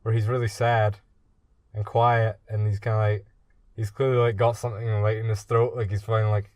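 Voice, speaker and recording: A man's voice: on the low side, flat delivery, brisk, no echo. A man co-hosting a casual podcast, joking in a dry, offhand and contrary way. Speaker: podcast co-host. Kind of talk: casual chat.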